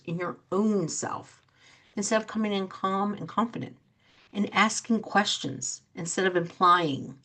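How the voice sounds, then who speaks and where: A middle-aged woman hosting a talk show as a coach, speaking earnestly and acting out quoted reactions in her examples. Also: mid-range voice. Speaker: host and coach. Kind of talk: motivational talk show monologue.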